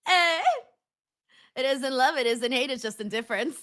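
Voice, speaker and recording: A young adult woman hosting a casual livestream, reading out viewer messages in an excitable way, laughing often and swearing freely. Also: high voice, normal speed, long pauses. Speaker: livestream host. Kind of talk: casual watch-along chat, reading viewer donations.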